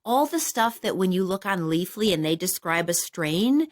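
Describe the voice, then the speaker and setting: A woman in her forties hosting a casual chat, telling a funny story and jumping up high when she acts out what people said. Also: moderate pace. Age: 40s. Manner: animated, acts out quoted voices in high bursts. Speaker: podcast host.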